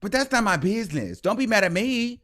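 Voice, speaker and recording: A man's voice: high voice, very animated, fairly quick, fairly bright tone. A man hosting a livestream show, ranting heatedly with sarcasm, repetition and frequent swearing. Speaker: host.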